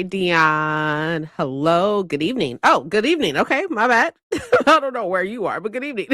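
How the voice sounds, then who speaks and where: A woman's voice: medium pitch, expressive, unhurried, fairly bright tone, no room sound, studio quality. A woman hosting a casual live stream, chatty and bubbly, greeting viewers and laughing often.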